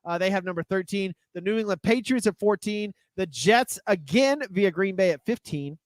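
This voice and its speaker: A man hosting a casual sports talk show, his voice sitting noticeably high. He riffs fast and laughs a lot, and the sound is dry and close with no room around it. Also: dry recording. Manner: excitable, laughs often, fast riffing.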